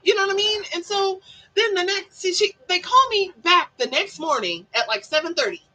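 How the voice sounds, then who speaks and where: A woman's voice: very high-pitched, expressive, normal speed, sharp tone, poor audio. A woman vlogger in a casual chat, telling her story candidly and rambling, with lots of swearing and many "like"s and "you know"s. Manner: peppers speech with "like" and "you know". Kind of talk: casual mental health chat.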